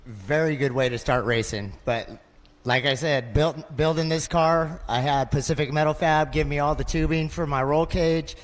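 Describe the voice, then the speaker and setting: A man driver speaks casually after his race, chuckling and joking, a touch higher than most men. The open track gives his voice a long reverb. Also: fairly even intonation, normal speed. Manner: casual, joking, laughs easily. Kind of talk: post-race interview.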